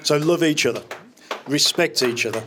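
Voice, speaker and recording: A man's voice: a little high, moderate pace, very noisy. A man in his fifties giving a wedding speech in place of the bride's father, telling fond, joking stories with small restarts. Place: wedding reception hall.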